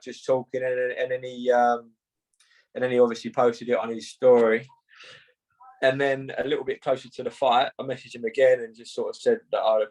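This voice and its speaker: Young bloke, boxer, chatting easy in an interview, lots of "mate" and um's, mid pitch voice. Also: male voice, a little mellow, low-quality recording. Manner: laid-back, says "mate" a lot, halting with fillers. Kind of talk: casual interview chat.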